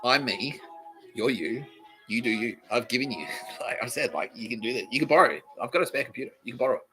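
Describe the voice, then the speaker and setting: A man's voice: mid-range voice, lively intonation, fast talker, over music, rough recording. An Australian man hosting a podcast, rambling through a live monologue, swearing constantly and chuckling between thoughts. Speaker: podcast host.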